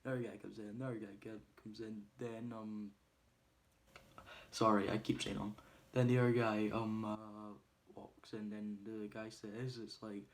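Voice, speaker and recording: A man's voice: fairly low pitch, level tone, moderate pace. A man casually recapping a film's plot, rambling with lots of ums and uhs. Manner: acts out quoted lines loudly. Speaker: movie reviewer. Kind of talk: casual spoiler review.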